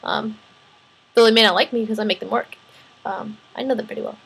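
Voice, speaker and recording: A tired young woman vents to her camera about her week, rambling and animated. Her voice is husky with a gravelly fry, and it sits a little high. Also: fairly quick, rough recording. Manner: rambling, animated, restarts and laughs often. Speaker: student teacher vlogger. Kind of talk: casual personal vlog venting.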